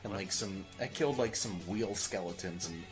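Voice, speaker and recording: A man casually chatting with his stream viewers, rambling and animated, laughing and swearing freely as he talks. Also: low voice, moderate pace. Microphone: desk microphone. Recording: music playing behind the voice.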